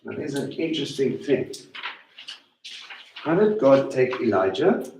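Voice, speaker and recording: A man teaching a congregation at a Passover meal. He talks in an animated way, asks many questions and slows down to stress key words. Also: mid-range voice, a little hiss or hum. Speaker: teacher leading a Passover Seder. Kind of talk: sermon-style teaching. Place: congregation hall. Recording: echoey room, voice from a distance.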